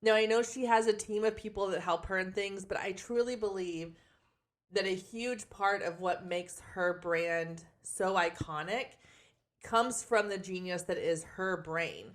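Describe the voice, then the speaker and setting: A woman in her forties hosting a solo podcast, slightly hoarse from losing her voice, talking in a chatty, candid way with frequent ums, on a backup podcast microphone. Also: mid-range voice, measured pace. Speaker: podcast host and photography marketing coach. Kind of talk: casual solo podcast talk.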